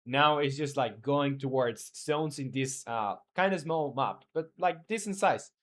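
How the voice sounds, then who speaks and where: A man's voice: mid-range voice, measured pace, a little hiss or hum. A man talking casually while streaming game development, reading chat aloud and rambling with many fillers.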